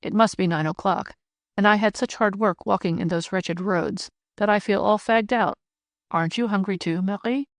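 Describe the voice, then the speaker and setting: A woman's voice: medium pitch, normal speed, no echo, studio quality, natural voice. A woman reading the part of a sturdy, good-humored widowed ploughman in an audiobook, sounding hearty and earnest.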